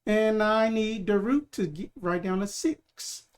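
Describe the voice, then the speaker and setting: A game master narrates the scene in a loose, rambling stream, full of fillers and restarts. The voice sits at a middling pitch. The delivery stays easygoing and jokey with the players at the table. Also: unhurried, smooth.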